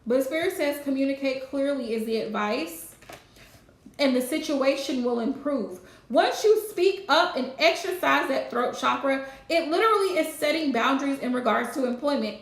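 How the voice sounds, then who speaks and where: A woman hosting a live tarot reading, calmly repeating gentle advice to her viewers. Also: high-pitched, normal speed, echoey room. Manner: soothing, repetitive advice with Southern-style phrasing. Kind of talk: casual live-stream reading.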